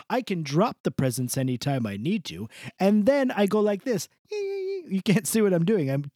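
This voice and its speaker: A man's voice: very high-pitched, creaky, a little mellow, no echo, studio quality, heavily acted. A man playing a foul-mouthed, boastful Santa Claus who rambles and laughs, his voice swooping up and down in a creepy way. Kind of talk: improvised comedy podcast bit.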